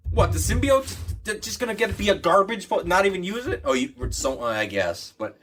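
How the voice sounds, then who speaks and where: A man's voice: high-pitched, big pitch swings, a little fast, fairly bright tone, a little hiss or hum. A man co-hosting a podcast in casual chat, rambling and swearing, laughing often. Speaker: podcast co-host.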